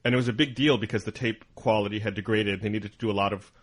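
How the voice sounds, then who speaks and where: A man's voice: lowish voice, steady tone, fast talker. A man co-hosting a casual podcast chat, sarcastic and sweary. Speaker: podcast co-host.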